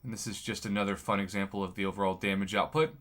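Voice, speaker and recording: A man's voice: lowish voice, little pitch movement, fast talker, a bit bright. A man giving casual commentary over game footage as a video host, groggy after a bad night's sleep, explaining plays in an analytical, upbeat way.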